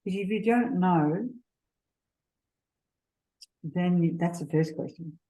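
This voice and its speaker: Gentle middle-aged woman with a warm, low voice. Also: takes it slowly, low-quality recording. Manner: gentle, earnest, personal anecdotes. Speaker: seminar speaker. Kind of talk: faith seminar talk.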